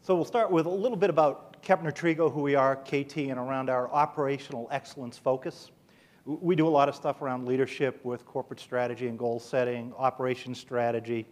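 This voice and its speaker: A man, a consultant, presenting at a conference in a brisk, organized way, outlining his points. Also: mid-range voice, fairly even intonation.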